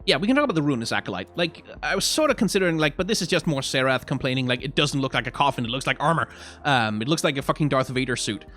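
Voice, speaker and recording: A man's voice: mid-range voice, lively intonation, fast, fairly bright tone, faint music behind. Rambling man reviewing game art. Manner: rambling, many fillers and restarts; frank, self-deprecating, mild swearing. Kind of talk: casual live-stream commentary.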